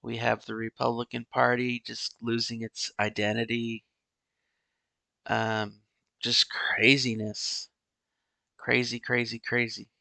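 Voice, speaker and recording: A middle-aged man hosting a podcast alone, musing in a halting, rambling way with many "you know"s and restarts. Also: mid-range voice, little pitch movement, creaky, bright, forceful tone, no echo. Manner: wistful, resigned musing. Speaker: podcast host. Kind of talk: casual solo monologue.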